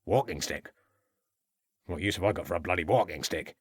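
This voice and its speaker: A man voicing a surly, aggressive farmer in an audiobook, defiant, with rough rural grammar. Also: low-pitched, brisk, no echo, studio quality, pitched below the performer's own voice. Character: surly, aggressive male country farmer under questioning. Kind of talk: audiobook character voice.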